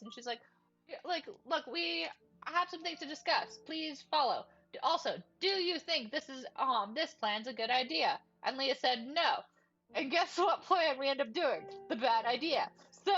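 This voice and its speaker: A woman's voice: sits high, fairly bright tone. A woman casually recapping a tabletop game session, chatty and giggly, quoting the characters as she goes. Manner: chatty, giggly, lots of fillers and quoted dialogue. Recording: dull lo-fi mic with faint music.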